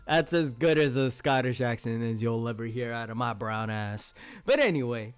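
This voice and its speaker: A man's voice: mid-range voice, moderate pace, clean tone, dry recording. A man chatting casually with his live-stream chat as host, playful and laughing often, trying out silly voices.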